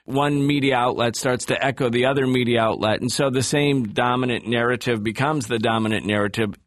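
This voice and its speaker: A man hosting a political radio talk show, asking questions in a measured, deliberate way. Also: mid-range voice, a bit bright, no echo.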